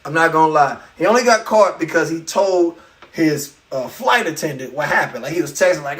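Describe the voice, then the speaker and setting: A man hosting a live podcast, delivering an animated, profane comedic rant full of incredulous asides. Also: a little high, moderate pace, recorded from a distance. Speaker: podcast host.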